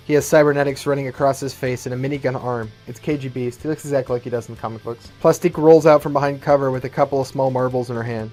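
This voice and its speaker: A man's voice: medium pitch, steady tone, fast, few pauses, darkish tone, faint music behind. Man narrating a fan-written action script. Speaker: storyteller.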